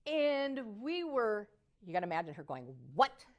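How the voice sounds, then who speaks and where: An older woman coaching listeners on their voices, her pitch sitting a little high and swinging widely as she speaks. She teaches with animated energy and now and then sings a phrase to show melody. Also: normal speed. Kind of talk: motivational teaching talk.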